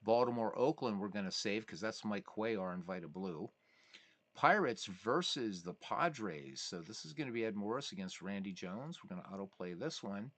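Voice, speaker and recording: Low-pitched guy hosting a baseball sim stream, chatty and easygoing, reads chat out loud. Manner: chatty, reads chat messages aloud, excitable asides. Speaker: livestream host playing a baseball sim. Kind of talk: casual live-stream commentary.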